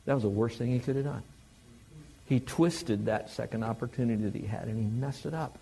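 A man preaching a sermon in a conversational, animated way, joking with the congregation. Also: mid-range voice, brisk, vocal fry, breathy edge.

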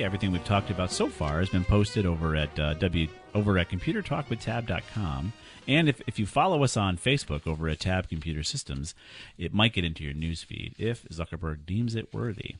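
A man hosting a call-in computer help radio show, explaining things in a relaxed, friendly way. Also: deep voice, fairly quick, faint music behind. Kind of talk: call-in tech radio talk.

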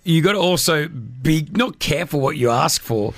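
A man hosting a casual radio call-in show, talking in an animated way and mimicking whiny voices. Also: on the high side, moderate pace, no echo. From partly Lebanese.

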